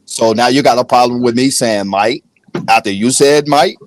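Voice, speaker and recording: A man's voice: mid-range voice, moderate pace. A man on a live panel, arguing bluntly in slangy talk. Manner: blunt, argumentative, slangy, swearing. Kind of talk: heated live stream panel argument.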